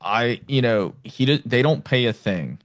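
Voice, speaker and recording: A man's voice: medium pitch, animated, a little slow, no room sound, clean studio sound. A man hosting a podcast, chatting casually in an easygoing, agreeable way and often repeating words. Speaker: podcast host.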